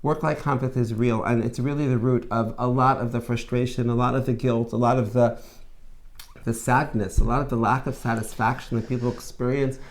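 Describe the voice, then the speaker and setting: A man's voice: medium pitch, flat delivery, brisk. A man hosting a conversational discussion, earnest and summing up points, with frequent restarts and filler phrases. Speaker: host.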